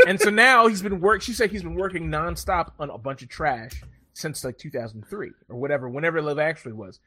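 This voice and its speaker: A man's voice: a little high, a little fast, sharp tone. A man co-hosting a casual podcast chat, joking and rambling through a story. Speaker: podcast co-host.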